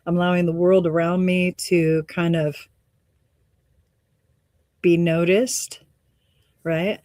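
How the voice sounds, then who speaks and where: Lady with a lowish voice rambling on about letting go and feelings, a bit winded, laughs a lot, dry close sound. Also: level tone, takes it slowly, darkish tone, no room sound. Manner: meandering, reflective, laughs often. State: slightly out of breath. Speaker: meditation and energy reading host. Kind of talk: casual spiritual talk.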